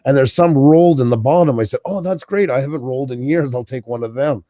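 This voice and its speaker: A man's voice: medium pitch, fast, mellow, no room sound, clean studio sound. A man from Canada telling a long funny anecdote in casual chat, laughing often and acting out what people said. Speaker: podcast co-host.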